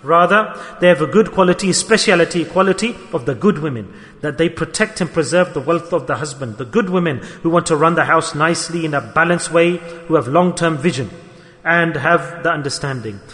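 High-voiced male preacher in a reverberant hall. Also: a little fast, fairly bright tone. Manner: earnest, repetitive, rhetorical questions. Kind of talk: storytelling sermon.

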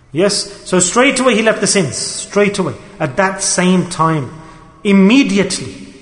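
A man's voice: high-pitched, unhurried. A man preaching a sermon, emphatic, repeating key words and asking the listeners rhetorical questions. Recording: echoey hall with long reverb.

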